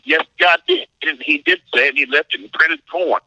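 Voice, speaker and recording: Folksy preacher man, very bright voice. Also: on the high side, wildly swooping pitch, brisk, vocal fry, hardly any pauses, no room sound, rough recording. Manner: folksy, acts out voices in stories, laughs often. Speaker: pastor and marriage seminar teacher. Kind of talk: animated interview storytelling.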